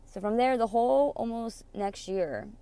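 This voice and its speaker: A woman's voice: on the high side, moderate pace, warm tone, smooth. A young woman hosting a podcast, telling a personal story with plenty of swearing and acting out the quoted dialogue. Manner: candid, swears freely, acts out quoted dialogue. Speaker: podcast host.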